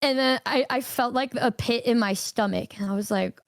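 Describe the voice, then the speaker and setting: A young woman telling a long personal story on a stream, animated and swearing casually, jumping into a higher voice for quotes. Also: normal speed, hardly any pauses, dry recording, clean studio sound.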